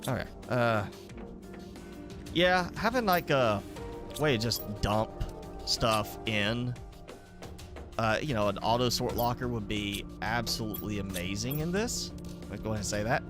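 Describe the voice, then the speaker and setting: A man's voice: lowish voice, animated, measured pace, pauses often, over music. A man with a mild Southern American accent, chatting casually while streaming a game, thinking aloud with lots of fillers. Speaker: gaming streamer. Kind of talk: casual live gameplay commentary.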